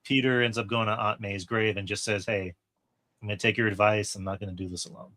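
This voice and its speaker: A man with a lowish voice hosts a relaxed film review chat. He walks through scenes one by one and acts out what the characters say. The sound is dry and close. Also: quick pace, dry recording. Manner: retells scenes at length, acting out lines. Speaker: podcast host. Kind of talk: casual movie review chat.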